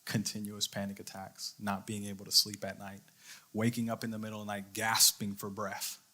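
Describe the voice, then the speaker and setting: Earnest man preaching, bright forceful voice. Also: lowish voice, completely flat delivery, brisk. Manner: earnest storytelling with quoted inner voice. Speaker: youth leader. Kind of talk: sermon.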